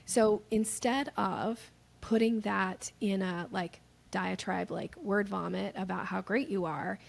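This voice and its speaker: Husky gravelly woman sales trainer. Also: medium pitch, takes it slowly. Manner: lively, acts out quoted voices. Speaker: podcast guest, sales trainer. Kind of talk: animated podcast interview.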